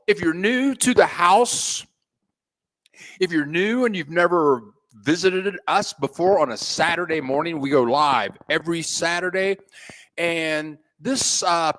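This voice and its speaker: A man hosting a casual live stream, greeting viewers by name with playful, folksy shout-outs. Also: on the high side. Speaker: host of a live stream about living abroad. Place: home in a Mexican city.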